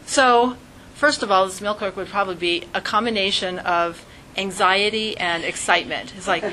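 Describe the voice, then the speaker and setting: A woman teaching a religious class, explaining with animated little acted-out scenes. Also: medium pitch, moderate pace, a little hiss or hum, poor audio. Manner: animated, acts out little scenes in quoted voices. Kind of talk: Jewish studies class lesson.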